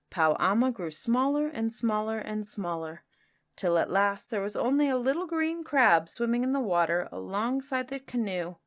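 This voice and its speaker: A woman podcast host reading children's stories aloud in a measured narration. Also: medium pitch, fairly bright tone. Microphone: close home-studio mic.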